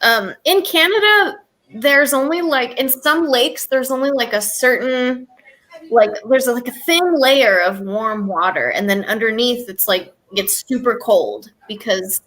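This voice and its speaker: A woman with a high, lively voice tells a story on a casual podcast. She rambles and restarts often, and her pitch swings widely from line to line. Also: a little slow. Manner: rambling, many fillers and restarts. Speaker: podcast co-host.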